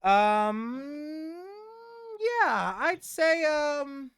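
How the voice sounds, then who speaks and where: A man narrating a tabletop game as game master, halting with many fillers. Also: very high-pitched, animated, fairly bright tone, no room sound, studio quality.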